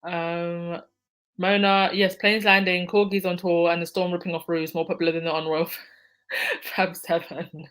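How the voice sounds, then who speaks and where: A woman's voice: lowish voice, little pitch movement, measured pace, fairly bright tone, poor audio. A woman hosting a casual live stream, reading out viewer comments and answering them by name, laughing often. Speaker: livestream host reading chat.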